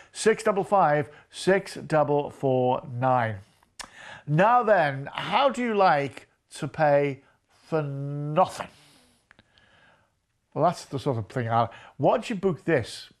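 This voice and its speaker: A man's voice: fairly high pitch, darkish tone. A man presenting cruise deals on a TV shopping channel, chatty and enthusiastic with folksy asides. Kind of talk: TV shopping sales pitch.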